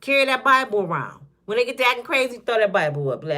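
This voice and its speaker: A woman in her fifties hosting her own channel keeps her casual commentary vlog jokey, acting out mini scenes. Her voice is a little high, pushed and bright, very animated, and she talks quickly with few pauses.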